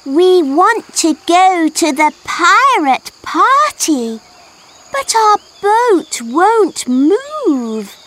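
Young girl pirate in a storybook, voiced by a woman: polite, sweet, very high. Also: very animated, drawn-out words, fairly bright tone, exaggerated voice. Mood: pleading.

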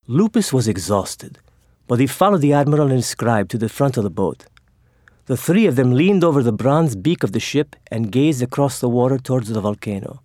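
In an expressive storytelling style, a man narrates an audiobook. His voice is medium in pitch and fairly quick, captured in studio quality with no echo.

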